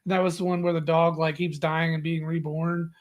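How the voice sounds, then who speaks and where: A man with a rather high voice co-hosts a casual podcast. He is relaxed and keeps his turns short, slipping in dry jokes. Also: normal speed. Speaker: podcast co-host. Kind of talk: casual chat.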